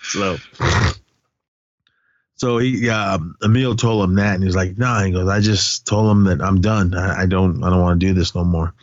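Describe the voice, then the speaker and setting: A man's voice: low voice, fairly even intonation, moderate pace, no echo, highs cut off. A man co-hosting a podcast, casually retelling a film's scenes with lots of quoted lines and fillers. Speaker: podcast co-host. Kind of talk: casual movie recap.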